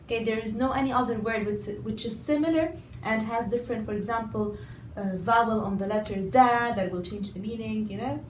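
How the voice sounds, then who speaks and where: A woman language teacher explaining a lesson patiently, repeating words slowly and stressing each syllable. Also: on the high side, slight background noise. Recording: echoey room, voice a bit far from mic.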